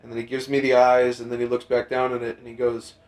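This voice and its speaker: A young man hosting a podcast, telling a rambling, profane story in casual chat and jumping into animated quoted voices. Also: medium pitch, fast. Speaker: podcast host. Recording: roomy echo.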